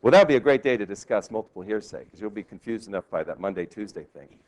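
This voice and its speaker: A male law professor giving a classroom lecture, lively and quizzing his students with questions. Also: on the low side, fast. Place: law school lecture hall.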